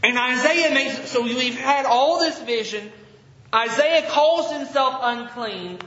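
A man preaching a sermon to his congregation, reading scripture aloud with emphatic, drawn-out phrases and putting direct questions to the listeners. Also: extremely high pitch, pushed and bright, echoey room, lo-fi sound. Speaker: pastor. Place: church sanctuary.

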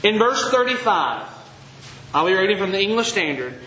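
Guy preaching, high voice, drags out the bible verses, asks the crowd stuff, roomy muffled church sound. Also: big pitch swings, bright, forceful tone, a little hiss or hum. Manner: reads scripture aloud with emphatic, drawn-out phrases; asks the congregation direct questions. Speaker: pastor. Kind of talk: sermon. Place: church sanctuary.

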